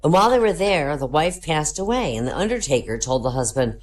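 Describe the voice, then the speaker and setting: Woman telling jokes with a lively pitch. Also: fairly quick, few pauses. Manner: lively joke-telling, voices characters in quotes. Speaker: comedy show host.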